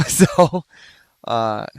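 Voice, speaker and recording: A man's voice: mid-range voice, expressive, drawn-out words, no echo, studio quality. A man co-hosting a casual livestream, chatting in an easygoing way and chuckling often.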